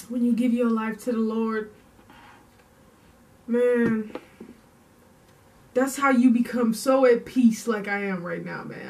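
A woman vlogging to her viewers in a slow, drawn-out way, her voice set a little higher than most. She rambles and repeats herself with many fillers, talking in an emotional way. She sits a bit back from the mic. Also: creaky, darkish tone, recorded from a distance. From San Diego. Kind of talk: casual vlog talk to camera.

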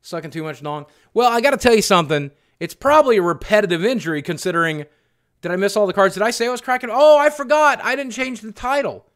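A man's voice: high voice, animated, fast talker, a bit bright. A man streaming live, chatting casually and rambling as he thanks viewers.

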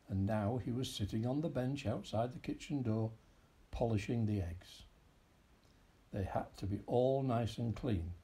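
Male storyteller, gravelly, dark tone, lively children's story read-aloud. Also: mid-range voice. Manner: expressive, animated storytelling.

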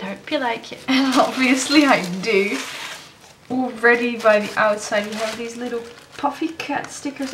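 A woman vlogger chatting casually to camera as she opens fan mail, gushing and excitable. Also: on the high side. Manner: gushing, excitable, gasps and laughs often. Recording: echoey room with faint noise.

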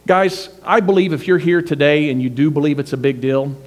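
A man's voice: a little high, fairly quick. A male pastor giving a sermon in a church, earnest and conversational with frequent fillers.

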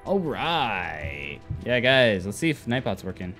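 A man's voice: lowish voice, very animated, takes it slowly, fairly bright tone. An American man casually chatting with viewers while livestreaming a game. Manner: laid-back, chatty, reads chat aloud. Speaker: game streamer. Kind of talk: casual gaming livestream chat. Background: game music.

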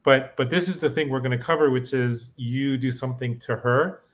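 A man's voice: mid-range voice, steady tone, moderate pace. A man co-hosting a language lesson as the learner, eager and tentative, often saying "okay" as he works things out. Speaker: co-host and learner. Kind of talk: casual lesson chat.

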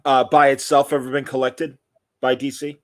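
A man hosting an interview, asking relaxed, conversational questions with small hesitations. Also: medium pitch, moderate pace. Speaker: interviewer host.

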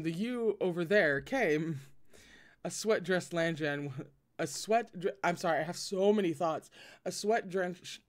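A man reading a novel aloud with commentary, often stumbling, correcting himself and breaking off into joking asides. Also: a little high. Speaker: reader and commentator.

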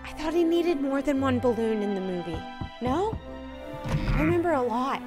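A woman with a high-sitting, expressive voice hosts a reaction video at a moderate pace. She exclaims, gasps and hands out ratings as she reacts to clips, easily moved, while loud clip music plays under her voice.

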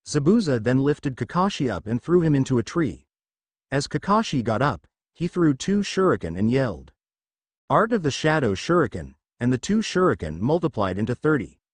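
Man reading a story aloud, lively pitch. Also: no echo. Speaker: narrator. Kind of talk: reading fan fiction aloud.

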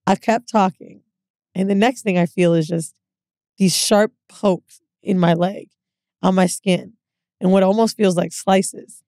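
A young podcast co-host with a mid-range voice talks a little slowly and pauses often, recorded without echo. She casually tells a candid story, animatedly acting out the things people said.

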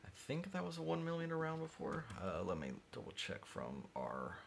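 A man livestreaming his CAD design work, thinking aloud in a mumbly way that drifts quieter as he concentrates. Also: fairly high pitch, huge pitch swings, brisk, gravelly, a little hiss or hum.

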